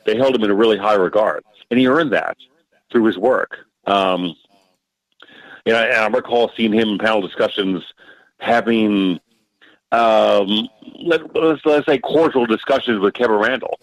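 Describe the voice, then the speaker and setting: A man speaking as a guest historian in a roundtable, measured and thoughtful. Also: on the low side, dry recording, poor audio. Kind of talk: casual roundtable discussion.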